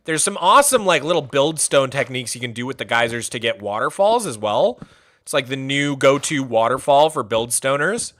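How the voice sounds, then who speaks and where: Young male streamer, upbeat and jokey, bright voice that swings up and down. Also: mid-range voice, a little fast. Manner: animated, jokey, chatty, answers chat questions. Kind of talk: casual chat while playing a game.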